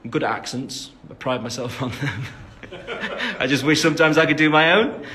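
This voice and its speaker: A man's voice: medium pitch, quick pace, pushed and bright, a little hiss or hum. A young man from the English West Midlands with an English accent, chatting on a phone livestream and reading out fan questions between lots of ums. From England, West Midlands. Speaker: singer answering fans on a livestream. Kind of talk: casual live-stream Q&A.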